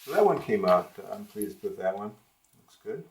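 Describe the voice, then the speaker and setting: An older man talks through a watercolor demonstration in a studio, musing aloud as he works. His voice sits low with a gravelly edge. He trails off mid-thought and picks the sentence up again. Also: very animated, moderate pace, darkish tone. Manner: thinking aloud while painting, trailing off and restarting. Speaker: art instructor. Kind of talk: live painting demonstration. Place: art studio with a live model.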